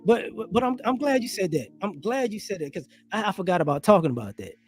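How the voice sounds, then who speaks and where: A man's voice: high-pitched, fast talker, faint music behind. A man hosting a live stream, telling stories and giving his opinions in casual commentary, acting out other people's lines as he goes. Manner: animated storytelling with voiced asides. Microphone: home streaming setup.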